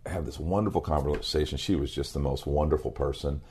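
Very deep husky male storyteller. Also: fast talker. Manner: lively anecdote teller who quotes others. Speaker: pastor and guest. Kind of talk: casual interview storytelling.

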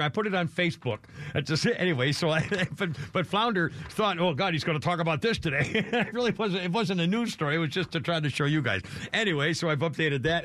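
A man's voice: on the high side, a bit bright, dry recording. Rambling chuckling male radio host. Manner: rambling, chuckling, restarts often. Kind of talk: casual radio talk.

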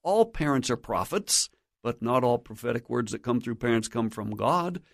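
A man delivers sermon-style teaching as a radio guest, urging his listeners on with earnest conviction. His voice carries a steady gravelly texture. It sits close and dry against the microphone, with no room sound around it. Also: mid-range voice, moderate pace, dry recording. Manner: earnest, exhorting, preacherly. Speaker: guest speaker on Christian radio.

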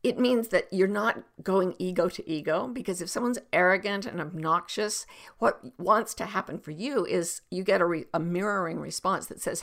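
Gravelly-voiced woman coach, animated delivery. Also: on the low side, normal speed. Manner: expressive, acts out example exchanges, sometimes drops to a whisper. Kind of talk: advice podcast talk.

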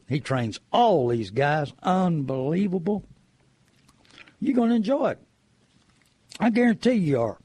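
A middle-aged man talks car buying in a folksy, preachy, emphatic way. His voice sits on the high side for a man. The sound is dry and close, with no room around it. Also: a little mellow, dry recording. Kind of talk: folksy advice talk.

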